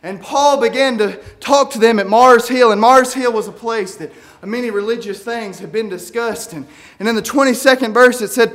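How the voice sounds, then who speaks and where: A man preaching a sermon, reading scripture aloud and swinging from quiet musing to shouted peaks. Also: high-pitched, expressive, normal speed. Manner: reads scripture aloud in King James wording.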